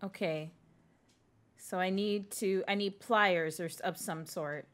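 A woman's voice: on the low side, fairly even intonation, takes it slowly. A young woman streaming a horror game live, scared and jumpy, whispering and then exclaiming as she plays and thanks her viewers.

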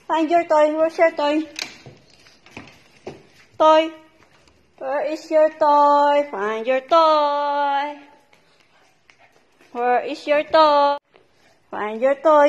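A woman coaxes and scolds her dogs in a high voice. She talks very slowly, with drawn-out commands and bursts of excited pet-talk. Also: highs cut off. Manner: slow commands, coaxing and scolding. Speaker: vlogger and dog owner.

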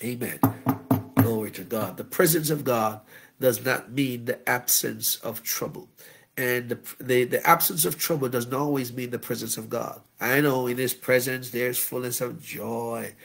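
A man, a bishop, preaches at a Bible study. He talks in an animated way, tells funny stories, and puts in frequent amens and shouts of praise. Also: mid-range voice, creaky. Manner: humorous, anecdotal. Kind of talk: sermon.

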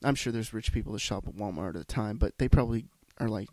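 A man on the low side of the pitch range talks fast, his tone dark and free of echo. Hosting a solo podcast while congested from a sinus issue, he rambles in a casual, profane, self-mocking monologue into a podcast mic.

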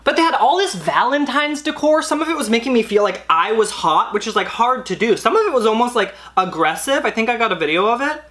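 A young man talking in a rambling, sarcastic comedy vlog, full of quick asides and little put-on voices. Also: sits high, pushed and bright. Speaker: YouTuber.

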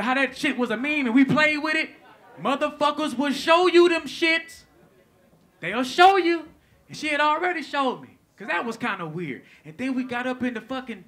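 A man doing stand-up comedy, telling a story in an animated, profane way and acting out the lines of people in it. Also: extremely high pitch. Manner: animated, profane, acts out quotes.

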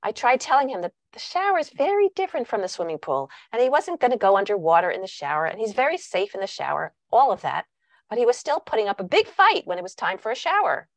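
A woman's voice: medium pitch, quick pace, no echo. A middle-aged woman giving a talk to parents, acting out what children and parents say. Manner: animated, acts out children's and parents' lines. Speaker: parenting author and speaker. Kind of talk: talk to parents with acted-out examples.

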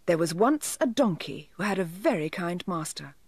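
A woman reading a children's story aloud in a gentle, clear, inviting way, recorded close in a studio. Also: on the low side, expressive, moderate pace, dry recording.

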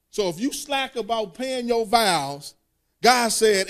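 A man's voice: very high voice, expressive, slow pace. A man preaching a sermon, reading scripture aloud and breaking into sung, call-and-response lines in casual speech.

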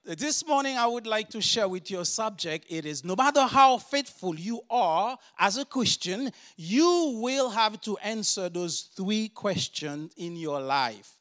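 Haitian-accented male preacher, fairly high voice, earnest sermon delivery that rises to forceful emphasis. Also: animated, measured pace, few pauses. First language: French. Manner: earnest, builds to loud emphatic declarations. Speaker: guest preacher and doctor.

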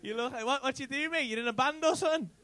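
At a comedy club, a man with an English accent does live stand-up crowd work, teasing audience members with cheeky, sweary banter into a handheld stage mic. His voice is very high-pitched, fast, bright and forceful.

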